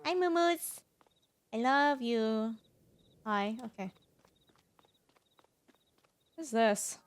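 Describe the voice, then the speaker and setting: Playing a farming game on stream, a woman keeps up casual chat and teases her audience in good fun. Her voice is fairly high and smooth, with drawn-out words, recorded with no room sound.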